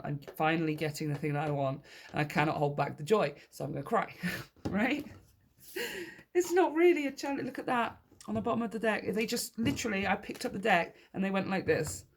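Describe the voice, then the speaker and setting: A woman's voice: deep voice, steady tone, fast talker, slight background noise. A woman giving a casual tarot reading to her viewers, upbeat and encouraging, often laughing and repeating key phrases for emphasis. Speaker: tarot reader.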